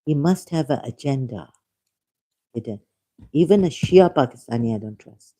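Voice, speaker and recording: A man hosting a rambling livestream monologue, emphatic and indignant, halting often with fillers. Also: medium pitch, lively intonation, mellow. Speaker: channel host.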